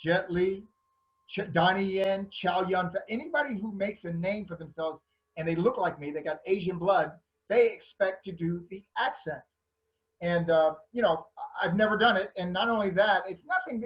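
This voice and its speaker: High-voiced man with a Southern accent. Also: moderate pace, lo-fi sound. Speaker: panelist, martial arts actor. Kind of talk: casual panel talk. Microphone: video call.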